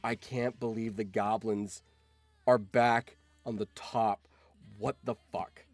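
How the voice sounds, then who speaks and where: A young man streaming, reacting to a game, excitable and swearing, with sudden shouts. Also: lowish voice, slow, no room sound, faint music behind.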